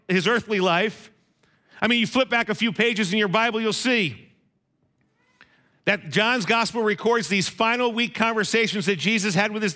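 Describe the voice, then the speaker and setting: A man with a high, bright voice preaching a sermon. He keeps it conversational, turning to his listeners with questions as he goes.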